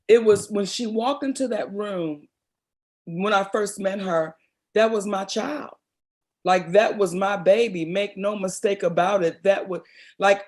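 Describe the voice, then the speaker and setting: A middle-aged woman from Baltimore, a comedian and actress, telling stories expressively in an interview. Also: mid-range voice. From Baltimore, Maryland. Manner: expressive, animated storyteller, calls people baby. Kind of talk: storytelling interview.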